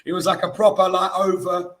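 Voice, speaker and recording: A man co-hosts a casual football podcast, easygoing and joking, with plenty of asides. His voice sits slightly high. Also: completely flat delivery, fairly quick, a bit bright. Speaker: podcast co-host.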